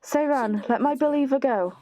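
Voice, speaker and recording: A woman's voice: sits high, moderate pace, warm tone, voice pushed up, natural voice. A woman reading game dialogue aloud for a manipulative, soothing cult leader. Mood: coaxing.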